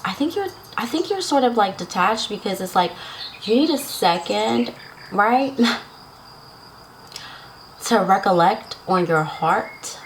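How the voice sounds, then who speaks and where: Her mid-range voice comes through a low-quality recording with a bit of background noise as she gives viewers a casual tarot reading. The tarot reader is chatty, laughs frequently, and checks in with "right?" and "okay?".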